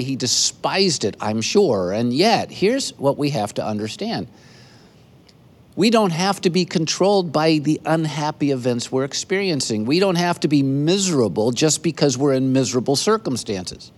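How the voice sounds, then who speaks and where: An older man preaching a sermon as pastor, earnest, often pausing and repeating words, speaking from an empty church building. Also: mid-range voice.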